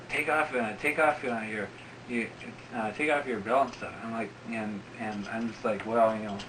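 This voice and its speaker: A man in his forties telling a casual story in a rambling way, full of fillers and asides. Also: mid-range voice. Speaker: interviewee. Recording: distant mic with faint background noise.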